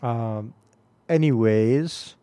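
Drawing out his words in a medium-pitched voice that is dark yet clean, a radio music show host in his late forties rambles casually through his stories, leaning on plenty of fillers.

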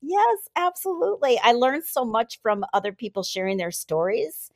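A woman's voice: fairly high pitch, big pitch swings, normal speed. A woman who is a returning podcast guest, chatting eagerly and gratefully, often restarting her sentences. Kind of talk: casual podcast chat.

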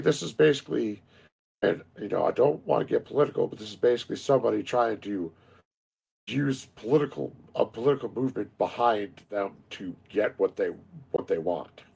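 A man's voice: on the low side, gravelly, a little mellow, breathy edge. A man in his thirties co-hosting a casual gaming chat, rambling with lots of fillers and restarts. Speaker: podcast co-host.

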